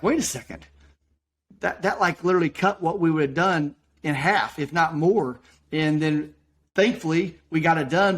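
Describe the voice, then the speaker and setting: Male podcast guest, folksy rambling storyteller, voice sits a touch high. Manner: folksy, rambling, quick to act out quotes. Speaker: podcast guest, roofing business owner. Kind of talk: casual storytelling.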